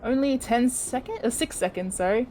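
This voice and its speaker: A woman's voice: on the high side, animated, normal speed, dark tone, a little hiss or hum. A woman playing in a tabletop game session, chatting casually, giggling and restarting her sentences often. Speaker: player.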